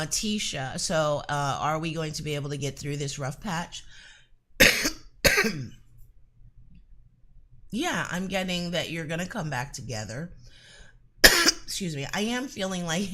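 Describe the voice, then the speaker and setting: A woman's voice: low-pitched, fairly bright tone. A woman giving a live psychic reading in a chatty, hesitant way, with many fillers and an occasional cough. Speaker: psychic reader.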